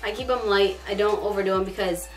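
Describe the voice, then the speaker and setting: A woman chatting quickly and casually through a makeup tutorial, filling her talk with "like". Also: medium pitch. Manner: fast-talking, chatty, lots of "like". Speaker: beauty vlogger. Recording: distant mic, faint background music.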